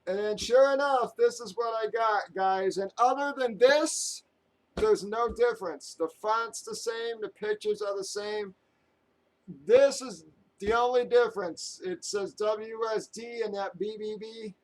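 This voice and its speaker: Fired-up high-voiced man ranting on stream. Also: unhurried, low-quality recording. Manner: angry, swears often, rambling with restarts. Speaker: live stream host breaking sports card boxes. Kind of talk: casual live-stream rant to viewers.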